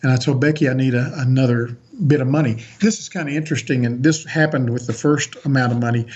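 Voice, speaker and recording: Husky-voiced man telling a story. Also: mid-range voice, fairly even intonation, fast talker, darkish tone, lo-fi sound. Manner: earnest, eventful storytelling with frequent restarts. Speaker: podcast guest. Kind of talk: recounting a personal story in an interview.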